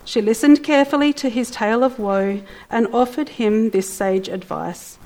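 A woman narrating a story in an expressive, theatrical way with playful asides. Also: on the high side, moderate pace, hardly any pauses, poor audio.

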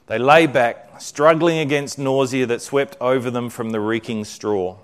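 A man's voice: mid-range voice, steady tone, a little slow, smooth. A man preaching a sermon in a conversational way, then reading a story aloud. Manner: conversational, with frequent fillers and restarts.

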